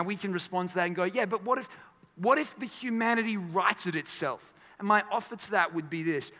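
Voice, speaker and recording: A man preaching in an earnest, emphatic sermon style, his voice pitched high and bright. He climbs to forceful peaks and repeats himself as he restarts. A long church hall reverb trails after every line. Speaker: pastor.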